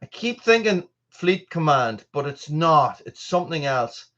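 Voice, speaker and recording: A man's voice: on the high side, very animated, unhurried, bright, forceful tone, highs cut off. An Irish man hosting a live stream, chatting casually while reading viewer comments, often restarting his sentences. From Ireland. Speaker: channel host.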